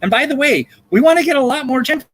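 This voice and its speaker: A man hosts a live bingo stream in a high, very lively voice that swoops up and down. He is campy and jokey, and he stretches out each number he calls. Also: quick pace, rough recording. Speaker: bingo caller and host. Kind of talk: live charity bingo hosting.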